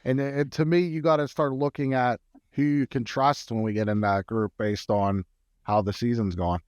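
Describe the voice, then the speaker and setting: A man co-hosting a sports betting podcast, working through numbers in an analytical, halting way. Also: medium pitch, fairly even intonation, darkish tone, clean tone, no room sound, studio quality. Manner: analytical, many fillers and restarts. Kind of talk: casual sports betting chat.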